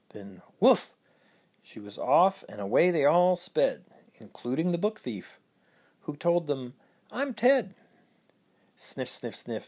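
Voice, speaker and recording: A storyteller reading a rhyming children's picture book aloud in an expressive, sing-song way. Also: medium pitch.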